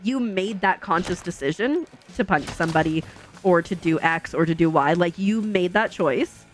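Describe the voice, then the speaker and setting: A woman's voice: lowish voice, normal speed. Chatty woman streamer, faint music. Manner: chatty storytelling, many fillers. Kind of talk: casual chat to stream.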